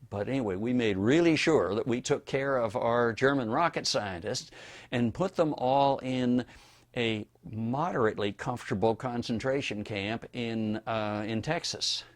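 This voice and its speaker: An older Florida man, speaking at a medium pitch, is interviewed for an oral history. He relaxes into storytelling and shares wry anecdotes.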